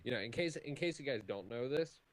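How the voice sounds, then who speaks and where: A man's voice: medium pitch, lively intonation, fairly quick, a little hiss or hum, rough recording. A young man co-hosting a casual podcast, joking around and slipping into silly voices. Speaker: podcast co-host. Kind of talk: casual chat.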